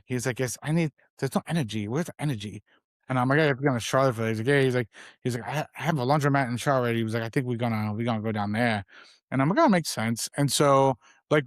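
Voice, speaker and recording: A man's voice: medium pitch, no room sound, clean studio sound. A man in his twenties co-hosting a podcast, telling a long rambling anecdote and acting out the other man's lines in casual chat. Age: 20s. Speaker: podcast co-host.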